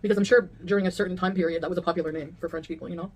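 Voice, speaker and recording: A woman's voice: on the low side, steady tone, very fast, slightly rough. A woman co-hosting, chatting casually and rambling about food and family, with frequent laughs. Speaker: co-host. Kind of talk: casual chat.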